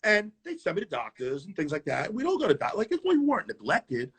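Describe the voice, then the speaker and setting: Husky high-voiced New York man. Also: a little fast. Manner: animated, repeats words, does voices. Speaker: guest tap dancer. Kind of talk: casual interview storytelling.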